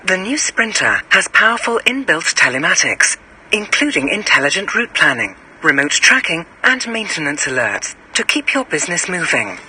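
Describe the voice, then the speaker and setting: A woman voicing a calm, helpful in-car voice assistant in a radio advert, with a smooth, even delivery. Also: on the low side, moderate pace, slight background noise, full character voice. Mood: informative. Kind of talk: scripted advert read.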